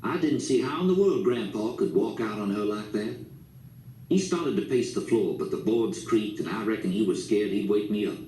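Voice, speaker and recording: A man's voice: fairly low pitch, lively intonation, normal speed, mellow. A man reading an audiobook, telling the story plainly. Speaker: audiobook narrator. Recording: echoey room, distant mic, faint hiss.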